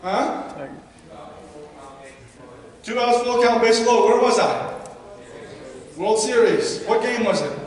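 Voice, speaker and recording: A man with a very high voice speaks to young ballplayers and their parents, and he keeps pulling the room in with questions. He sounds distant from the mic, and a long, booming echo follows each phrase. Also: slow pace, pauses often. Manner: energetic, asks the audience questions. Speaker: guest speaker at a youth baseball seminar. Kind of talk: motivational talk to players and parents. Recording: echoey hall, mic far off.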